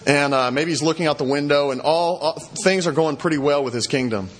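Husky guy preaching, chatty storyteller w lots of uhs, long echo in a big hall. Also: fairly high pitch, brisk. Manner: casual storytelling with fillers and restarts. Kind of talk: sermon retelling and scripture reading.

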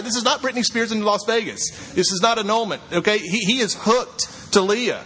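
A middle-aged man preaching a sermon as a pastor, swinging from quiet asides to high, incredulous exclamations. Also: normal speed, few pauses, slightly rough. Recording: long hall reverb, faint ambience.

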